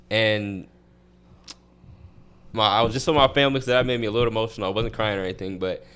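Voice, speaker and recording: Deep-voiced young man telling stories. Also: clear, resonant tone. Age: young adult. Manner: relaxed, rambling storytelling with many restarts. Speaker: guest athlete. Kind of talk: casual interview chat.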